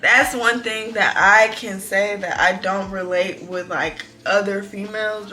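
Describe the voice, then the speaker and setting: A young woman, telling a storytime vlog in an animated, profane, exclamatory way. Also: mid-range voice, background noise. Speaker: vlogger. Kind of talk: casual storytime.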